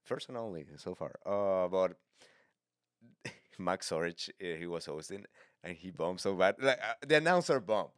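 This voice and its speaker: A man, hosting a casual comedy podcast and telling stories with lively acted-out quotes. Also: low-pitched, moderate pace, smooth, no room sound, clean studio sound. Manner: animated storyteller, acts out quotes. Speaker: podcast host.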